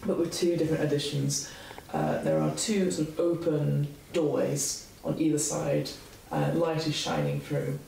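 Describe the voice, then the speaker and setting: A woman game master narrates the scene in a gravelly voice, pausing and searching for words as she goes. She sounds distant, with strong room echo and a faint background hiss. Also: low-pitched, steady tone, dark tone. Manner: halting, searching for words, many fillers. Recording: echoey room, far from mic.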